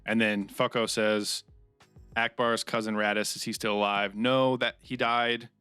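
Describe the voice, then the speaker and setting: A man's voice: on the low side, little pitch movement, a little slow, pushed and bright, clear, resonant tone, no echo, faint music behind. A man co-hosting a casual comedy podcast, giving blunt opinions and swearing casually as he reads out chat questions. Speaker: podcast co-host.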